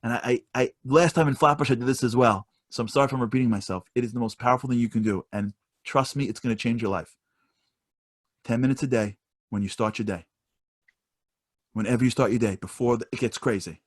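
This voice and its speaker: A man's voice: mid-range voice, quick pace. A man giving an emphatic motivational talk over a video call, repeating his points with energy. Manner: emphatic, repetitive, animated preacher-like delivery. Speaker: guest speaker.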